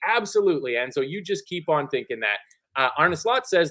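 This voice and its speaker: A man's voice: a little high, very animated, normal speed, fairly bright tone. A man hosting a casual football reaction show, joking and swearing while reading out quotes at speed. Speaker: podcast host. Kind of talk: casual match-reaction chat.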